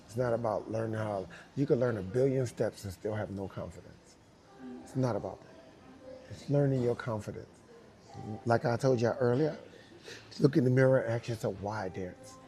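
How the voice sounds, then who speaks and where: A man with a New York accent, speaking to young dancers and telling animated stories with repeated emphasis and acted-out quotes. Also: medium pitch, normal speed. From United States. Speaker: guest dancer speaking to students. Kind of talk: casual storytelling talk.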